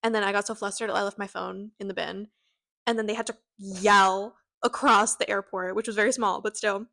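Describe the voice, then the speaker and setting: A woman's voice: mid-range voice, fairly quick, gravelly, no room sound. Chatty young woman, dry close sound. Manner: anxious, animated storytelling with many fillers. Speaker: podcast co-host. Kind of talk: casual chat.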